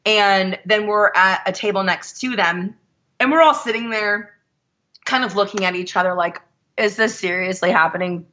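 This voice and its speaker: Bright-voiced woman telling a story. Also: mid-range voice, normal speed, lo-fi sound. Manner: animated, quotes others in her story. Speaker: guest. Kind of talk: casual storytelling.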